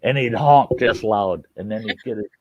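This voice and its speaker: A man's voice: on the low side, moderate pace, dry recording. A man hosting a late-night live stream. He tells stories in casual chat, laughs often and swears freely. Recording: dull lo-fi stream audio.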